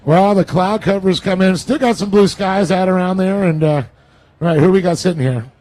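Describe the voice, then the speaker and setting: A man hosts a live off-road racing event and interviews drivers one after another. His voice is high for a man, and he keeps the energy up the whole time. The interviews are recorded outdoors at the event. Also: normal speed, rough recording. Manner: energetic and hyped, cheers drivers on.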